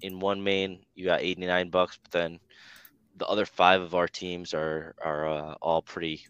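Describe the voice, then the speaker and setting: A man with a very deep, smooth and resonant voice co-hosts a podcast in casual chat. He works through numbers at a steady clip, with plenty of ums and uhs. The audio is slightly dull and lo-fi, with a dry sound. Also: normal speed, no echo. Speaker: podcast co-host.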